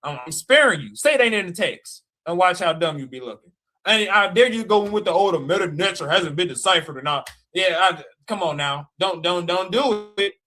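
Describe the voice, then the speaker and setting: A man's voice: high voice, expressive, a little fast, bright, forceful tone. A man in a heated livestream rant, mocking and challenging, repeating his dares. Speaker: live stream guest debater. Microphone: live stream call mic.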